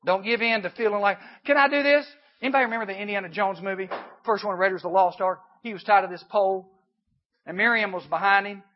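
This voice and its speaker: A man giving an emphatic sermon at a youth camp, swinging between hushed and loud. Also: high voice, steady tone, fast talker. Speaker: camp speaker. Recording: dull lo-fi recording.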